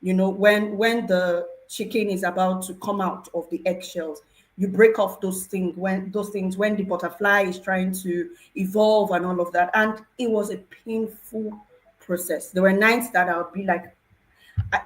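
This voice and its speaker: Woman, mid-pitched voice, heartfelt panel testimony, emotional and expressive. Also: low-quality recording. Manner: earnest, emotional, expressive storytelling. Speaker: program participant sharing testimony. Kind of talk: personal testimony on a panel talk show.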